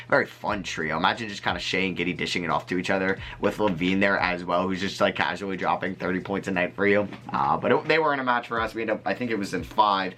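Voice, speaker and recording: A man giving casual, chatty gameplay commentary to his viewers, rambling and easily excited. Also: on the low side. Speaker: gaming video creator.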